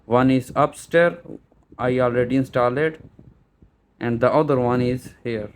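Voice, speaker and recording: Speaking at a measured pace in a mid-range voice, a man presents a tech tutorial from a small store. He guides viewers through a camera setup one step at a time, though he's hesitant and keeps using fillers and restarting, and there's a little hiss or hum.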